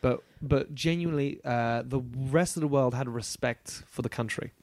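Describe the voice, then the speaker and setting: A French-born man with a London accent, chatting as a podcast guest, animated and swearing freely. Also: medium pitch, moderate pace, no echo. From France. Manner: animated, swearing, lots of fillers. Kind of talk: casual chat.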